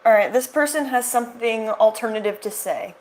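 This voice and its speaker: A woman's voice: fairly high pitch, brisk, rough recording. A young woman hosting casual reaction commentary, sarcastic and rambling, full of fillers and restarts. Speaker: commentary channel host.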